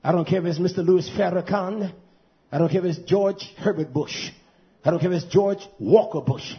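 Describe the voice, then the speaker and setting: A man preaching a fiery sermon, swinging from loud, rhythmic, "uh"-punctuated shouting to low, quiet talk. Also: moderate pace, lo-fi sound. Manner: preaching with rhythmic "uh" fillers, rising to shouts then dropping low.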